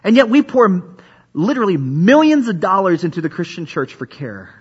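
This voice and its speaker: With a high, husky voice full of big pitch swings, a pastor preaches at a moderate pace in a conversational style. Repetition and restarted sentences come up often, and the audio is dull and lo-fi.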